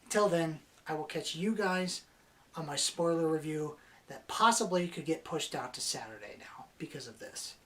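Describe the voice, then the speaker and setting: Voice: mid-range voice, lively intonation, normal speed, a bit bright, distant mic. A movie reviewer ranting in a vlog, annoyed, blunt and crude.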